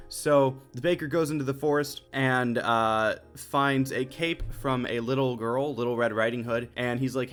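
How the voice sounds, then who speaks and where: A man casually recapping a musical's plot for his channel, joking and paraphrasing the characters in offhand quick voices. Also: mid-range voice, fairly even intonation, a bit bright, faint music behind. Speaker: movie recap host.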